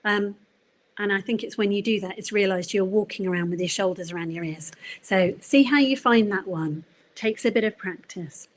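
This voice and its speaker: A middle-aged woman gives a conference talk on well-being. Her voice sits at a middle pitch, and her delivery is gentle and encouraging, with frequent ums and small restarts. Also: normal speed, rough recording. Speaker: career coach. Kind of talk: conference presentation.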